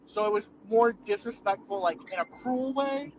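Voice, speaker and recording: A man's voice: high-pitched, normal speed. A young man telling rambling, profane work stories in casual chat, full of fillers. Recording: muffled lo-fi recording with clear background noise.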